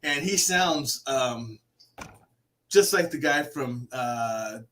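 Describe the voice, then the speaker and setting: A man hosting a podcast, chatting excitedly, often laughing and restarting his sentences. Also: medium pitch, very slow. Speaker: podcast host. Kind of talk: casual conversation.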